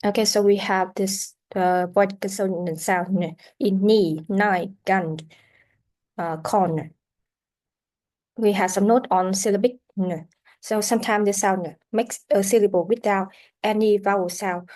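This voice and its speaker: A woman teaching a pronunciation lesson, pausing on fillers and repeating sounds and words for students to practise. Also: mid-range voice, steady tone, darkish tone.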